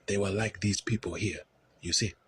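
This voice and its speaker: Very husky, deep-voiced man from Ethiopia. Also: fairly even intonation, normal speed, a bit bright. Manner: explanatory, repeats "you see". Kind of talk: lecture-style talk.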